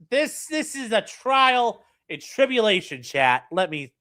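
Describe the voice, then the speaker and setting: A man's voice: high-pitched, sing-song, a little slow, few pauses, bright, forceful tone. A man hosting a livestream, reading from a statement and mocking it with profane, sneering commentary. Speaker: livestream host.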